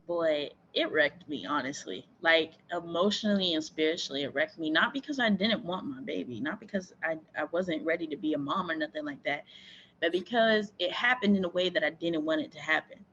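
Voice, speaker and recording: A woman's voice: deep voice, brisk, fairly bright tone, muffled recording, slight background noise. A young woman from Florida, a sports team owner, candidly and emotionally telling her personal story as an interview guest. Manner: earnest, emotional, reflective.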